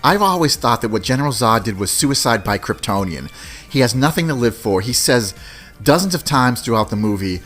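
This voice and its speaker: A man's voice: mid-range voice, lively intonation, brisk, a bit bright, faint music behind. A man in his forties hosting a solo podcast, talking loosely and casually, often tossing in "you know what I mean". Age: 40s. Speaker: podcast host. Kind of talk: solo podcast movie countdown.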